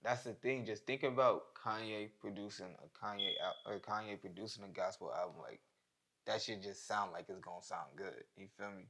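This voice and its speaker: In a loose, unhurried casual chat, a young rapper speaks in a low, creaky, laid-back voice packed with slang. His lines often trail off softly.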